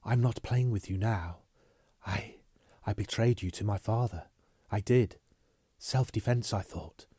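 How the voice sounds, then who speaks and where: Man voicing a hushed, proud young heiress. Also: fairly low pitch, a little slow, pauses often, breathy edge, no room sound, studio quality. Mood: earnest. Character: cool aristocratic young heiress, guarded and proud.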